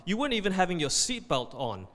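A man's voice: high voice, big pitch swings, fast, fairly bright tone. A man playing a matter-of-fact police officer who asks questions in a dry, formal way, in a reverberant hall.

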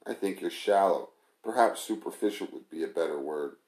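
A man's voice: low-pitched, expressive, moderate pace, darkish tone. A man voicing a brash, scornful male restaurant manager who is blunt and bossy with his friend, in an echoey room. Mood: teasing.

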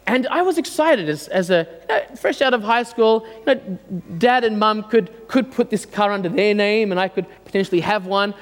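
Animated storyteller in his forties; bright high voice in a reverberant hall. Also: normal speed, hardly any pauses. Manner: animated, self-mocking, many fillers. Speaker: speaker addressing an audience. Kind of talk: storytelling talk.

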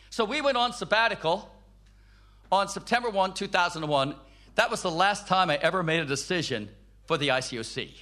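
An older man preacher giving a personal testimony sermon, emphatic, at times dropping into soft low tones.

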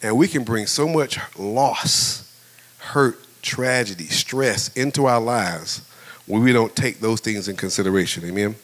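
A man's voice: on the low side, measured pace. Middle-aged preacher guy, chatty sermon, laughs a lot, swings his voice up and down telling stories. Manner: conversational, animated, laughs often, acts out voices. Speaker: pastor. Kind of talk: storytelling sermon.

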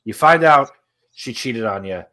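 Young male podcast co-host, medium pitch, rambling filler-heavy delivery, casual banter. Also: animated, unhurried, sharp tone. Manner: rambling hypotheticals, lots of "like". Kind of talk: casual chat.

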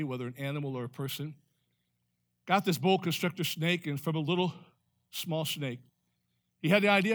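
A male pastor delivering a sermon, telling a story with sudden loud rises and hushed drops. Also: on the high side.

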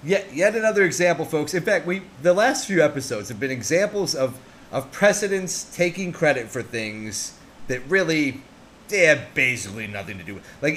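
Sarcastic podcast guy, mid pitch, voice jumps around a lot. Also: slight background noise. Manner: sarcastic, profane, lively. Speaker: podcast co-host. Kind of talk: casual podcast chat.

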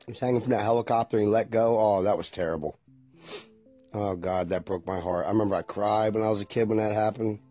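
A man's voice: lowish voice, steady tone, quick pace, mellow, faint music behind. A man in his forties chatting casually to viewers, rambling and nostalgic and swearing freely.

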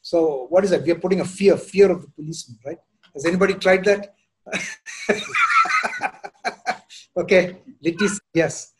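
A man's voice: high voice, huge pitch swings, normal speed, pauses often, slight background noise, low-quality recording. A man teaching a group in a conversational way. He speaks candidly about his own experience and often checks in with "you know" and "right?". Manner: candid and self-reflective. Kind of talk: informal Bible teaching.

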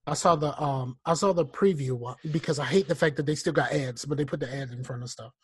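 Husky, higher-voiced podcast man. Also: fast talker, no echo. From Virginia. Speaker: podcast co-host. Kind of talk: casual chat.

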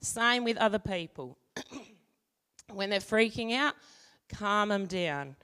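A woman giving a sermon, moving from an animated story with acted-out voices to calm teaching and prayer. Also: medium pitch, slow pace, clear, resonant tone. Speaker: church speaker. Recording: long hall reverb.

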